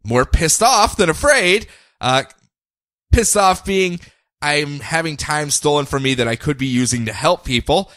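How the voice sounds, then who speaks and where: A weary, resigned superhero facing his own death, wry and close to deadpan, as a man voices him in a podcast recap. The voice sits a touch high and is recorded dry and close. Wry self-pity stays underneath the calm. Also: a little slow, dry recording.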